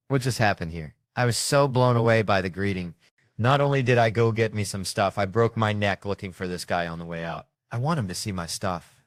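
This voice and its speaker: A man's voice: fairly low pitch, normal speed, no room sound, clean studio sound. A man doing stand-up, telling a profane story and acting out the people in it. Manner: animated, profane, acts out characters. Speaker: stand-up comedian.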